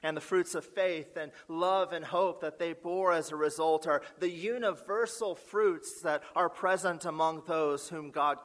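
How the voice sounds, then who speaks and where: His pitch runs on the high side with a slightly bright quality. Preaching as a pastor, he speaks with measured emphasis, builds lists from repeated phrases, and poses rhetorical questions to the congregation.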